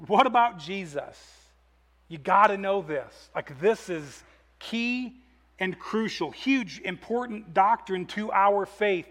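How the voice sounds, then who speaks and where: High-voiced, excited man preaching. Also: takes it slowly. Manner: energetic, emphatic, repeats words and restarts. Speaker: pastor. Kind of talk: sermon.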